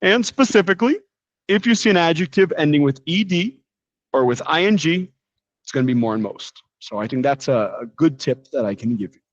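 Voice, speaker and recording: An American man teaching a live English lesson in a relaxed, chatty way with frequent asides. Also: on the high side, brisk, no echo, dull audio. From United States. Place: living in Brazil, teaching from a quiet room.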